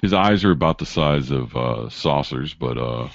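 A man with an extremely deep, gravelly voice narrates a tabletop game as game master. He halts often and hunts for words. The recording is dull and dry. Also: dry recording. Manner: halting, searches for words with many fillers.

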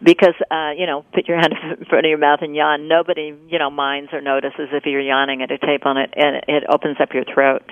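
Smooth-voiced woman radio host. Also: low-pitched, no echo. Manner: conversational, relaxed, halting fillers. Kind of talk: radio talk show hosting. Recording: dry narrow-band radio broadcast.

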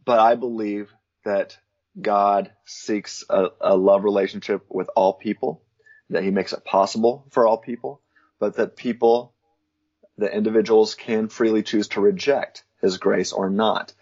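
Speaking a little slowly in a fairly low, darkish voice with fairly even intonation, a man appears as a guest in a casual interview. He's a Christian philosopher who explains theology thoughtfully, laughing lightly between points, and the audio is dull and lo-fi.

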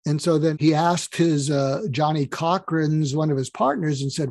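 A man's voice: a little high, moderate pace, darkish tone, no echo. An older man, a psychiatrist guest on an interview show, telling a story and acting out the exchanges he quotes.

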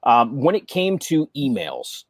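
A man co-hosting a business show, talking in an animated way with rhetorical questions. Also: medium pitch, a little slow, dry recording, clean studio sound. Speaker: co-host. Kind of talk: business podcast chat.

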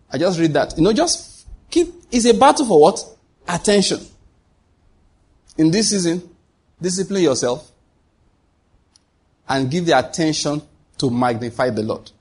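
Husky-voiced male pastor, slightly high pitch, call-and-response sermon delivery. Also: darkish tone. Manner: call-and-response preaching, rhetorical questions.

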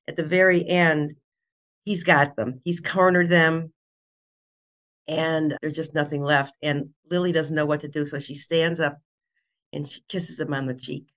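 An older woman, a children's author and guest, retelling her book's plot in a casual, animated way with laughs. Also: deep voice. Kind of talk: casual storytelling interview.

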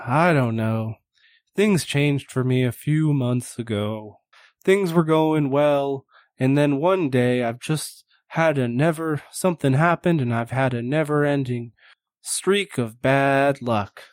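A man voicing a depressed, clumsy male panda bear hermit who talks slowly and gloomily. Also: mid-range voice, dry recording, clean studio sound, natural voice. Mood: gloomy. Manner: slow, gloomy, apologetic.

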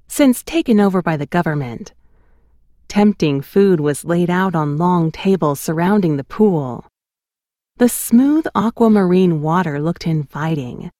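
Woman reading her memoir aloud, low mellow voice that swings up and down a lot, super dry close mic. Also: dry recording. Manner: expressive, storytelling cadence. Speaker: narrator. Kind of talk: scripted memoir narration.

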